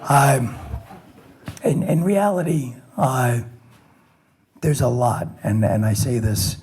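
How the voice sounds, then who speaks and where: A man's voice: mid-range voice, animated, slow, darkish tone, husky. A middle-aged man, a police lieutenant, giving a plainspoken personal account with self-deprecating humor and frequent restarts. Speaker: police lieutenant recounting a shooting. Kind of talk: personal testimony talk.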